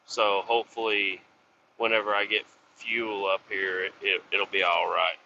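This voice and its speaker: Profane ranting trucker man, bright voice. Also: lowish voice, little pitch movement, normal speed, gravelly, dull audio, a little hiss or hum. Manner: profane, ranting at other drivers. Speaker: truck driver. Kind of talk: casual driving vlog. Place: inside a truck cab on the highway.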